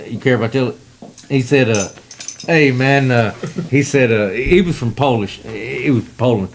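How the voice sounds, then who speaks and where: Casting: brash podcast cohost, mid voice, faint background hiss. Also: male voice, mid-range voice, normal speed. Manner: animated, crude, jokey. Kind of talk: casual chat.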